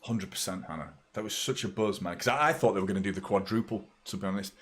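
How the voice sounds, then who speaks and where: Give me an excitable man commentating live on a football match for his fans, casual and profane. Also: deep voice, fast talker, slightly rough. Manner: excitable, swears freely, fan banter. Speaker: football watchalong host.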